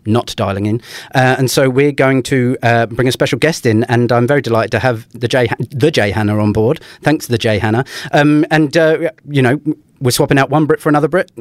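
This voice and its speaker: A man's voice: medium pitch, no echo. Teasing London man hosting a podcast. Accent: London English. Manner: teasing, self-mocking banter. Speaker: podcast host. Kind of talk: casual podcast chat.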